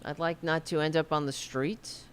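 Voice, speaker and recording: A woman's voice: low-pitched, steady tone, moderate pace, a little hiss or hum. A middle-aged woman with a New York accent hosting a political livestream, rambling and swearing in a loose, casual way. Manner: rambling and profane, self-conscious about her hair. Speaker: political podcast host.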